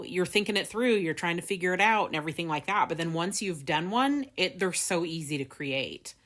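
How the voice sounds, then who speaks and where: A woman's voice: lowish voice, fairly bright tone. Chatty woman hosting a craft tutorial. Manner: chatty, laughs often, many fillers. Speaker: craft video host.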